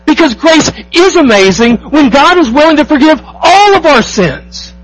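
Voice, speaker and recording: A man preaching a sermon as pastor, emphatic, asking the congregation rhetorical questions and slowing down to stress key phrases. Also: extremely high pitch, very animated, a bit bright, low-quality recording.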